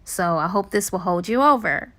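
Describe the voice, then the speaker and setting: A woman's voice: mid-range voice, lively intonation, moderate pace, bright, forceful tone. A woman voicing a grown man from a romance novel as she retells the story in plain casual speech. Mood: easygoing.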